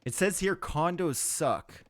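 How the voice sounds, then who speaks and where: A man's voice: a little high, animated, takes it slowly, no echo. A man with a Canadian accent giving upbeat, chatty live commentary on a strategy game match and answering his chat. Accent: Canadian English. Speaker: game caster.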